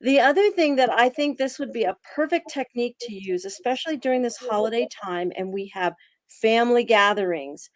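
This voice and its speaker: A woman co-hosting a wellness talk, explaining steps in a slow, deliberate way. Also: a little high, animated, dry recording.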